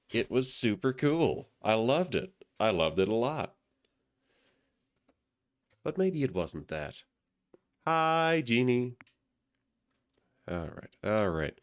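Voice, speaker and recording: A man streaming a game and chatting casually, sounding sleepy and low on energy as he rambles to his viewers. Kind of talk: casual live-stream chat.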